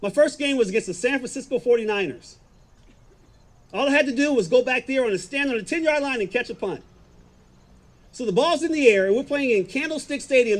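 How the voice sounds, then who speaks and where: Brief: middle-aged man, high-pitched, confessional testimony, quiet to emphatic. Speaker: former football player giving a testimony. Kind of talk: personal testimony, storytelling.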